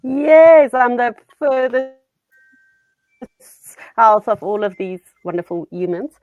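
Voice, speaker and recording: A woman's voice: fairly high pitch, expressive, slow pace, no echo. South African woman on a dull video line. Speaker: marketing lead. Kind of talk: casual self-introduction. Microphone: video call.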